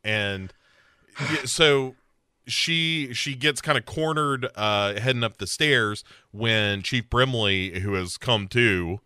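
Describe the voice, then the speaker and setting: A man co-hosting a podcast, playfully recapping a story and putting on gruff voices for the characters. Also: mid-range voice, bright, forceful tone, no echo, clean studio sound. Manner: playful, quick asides, puts on gruff voices. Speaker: podcast co-host. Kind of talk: casual comedic chat, recapping a show.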